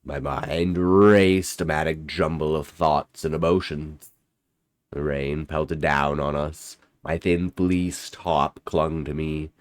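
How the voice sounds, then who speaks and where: A man's voice: a bass voice, steady tone, slow, no room sound. A man giving scripted first-person horror narration with a dramatic, intense delivery. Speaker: storyteller.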